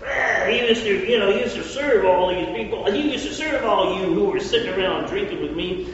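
Brief: preacher doing a cocky Southern-drawled rebel chief, high and shouty, echoey hall. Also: male voice, animated, a little fast, a little hiss or hum. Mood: boastful. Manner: loud mocking bluster. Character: boastful swaggering ancient male rebel leader. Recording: echoey hall, far from mic, dull.

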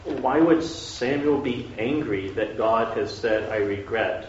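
Speaking slowly in a mid-range, somewhat dark voice, a man teaches a Bible study lesson in a conversational way, posing questions and frequently making sure listeners follow. The room echoes, the mic is distant and dull, and there's a bit of background noise.

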